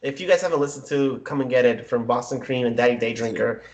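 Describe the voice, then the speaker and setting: A man's voice: mid-range voice, fast. A man hosting a casual podcast, joking and rambling with plenty of fillers. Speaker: podcast host.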